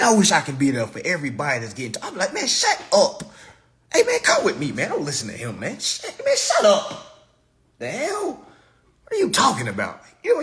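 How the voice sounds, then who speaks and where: A man's voice: very high voice, fairly bright tone. A man ranting to viewers on a live stream, preachy and profane, firing off rhetorical questions. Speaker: online personal finance commentator.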